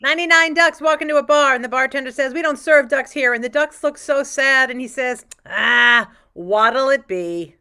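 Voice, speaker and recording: A woman improv performer on a video call, telling quick jokes with a dry, teasing delivery. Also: high voice, fairly even intonation, pushed and bright. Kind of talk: joking improv banter.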